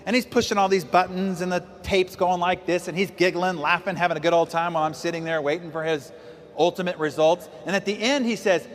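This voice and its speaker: A man's voice: sits high, steady tone, brisk. A man giving an emphatic motivational speech, telling stories and acting out quotes along the way. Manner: emphatic, storytelling with acted quotes. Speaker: motivational speaker. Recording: long hall reverb with faint music.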